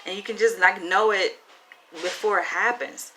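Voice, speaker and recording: A woman's voice: mid-range voice, moderate pace, pushed and bright, slight background noise, low-quality recording. A woman with a Southern US accent talking frankly to camera in a casual, chatty advice vlog. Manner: frank, chatty, asks "right?" often. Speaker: vlogger.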